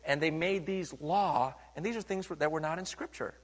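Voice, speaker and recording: Animated high-voiced male preacher in a hall. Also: moderate pace. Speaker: pastor. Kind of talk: sermon. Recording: reverberant hall sound.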